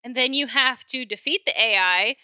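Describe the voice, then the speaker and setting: A woman co-hosting a podcast in casual chat, wry and quick to laugh at herself. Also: a little high, sharp tone, no echo. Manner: wry, laughs at herself, short agreeing replies. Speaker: podcast co-host.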